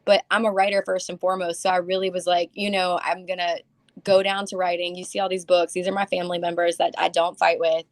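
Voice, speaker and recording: A woman, a comic and writer, chatting casually as a guest, rambling and animated as she tells stories. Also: lowish voice, fast talker, dry recording. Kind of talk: casual chat.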